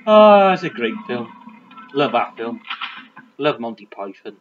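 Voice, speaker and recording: A man's voice: mid-range voice, sing-song, unhurried, pauses often, dull audio, faint music behind. A man casually commentating a video game, chatty and joking as he rambles. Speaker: let's play host.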